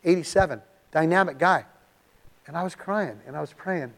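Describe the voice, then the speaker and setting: Middle-aged preacher guy from california, kinda high voice, gets real quiet and emotional. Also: moderate pace. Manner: emotional, confessional, drops to near-hush. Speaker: pastor. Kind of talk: sermon storytelling. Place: church.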